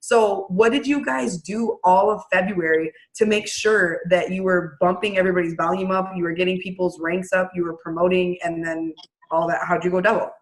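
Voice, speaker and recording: A woman leading her team on a video call, talking bluntly and briskly and acting out what people said. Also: lowish voice, fairly even intonation, rough recording. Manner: blunt, brisk, acts out quotes. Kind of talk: casual pep-talk on a video call.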